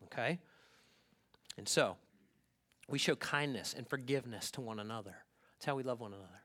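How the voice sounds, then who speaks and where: A man preaching a sermon in a conversational way, often checking in with his listeners and swinging between hushed asides and loud, emphatic bursts. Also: medium pitch, animated, fairly quick. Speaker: pastor.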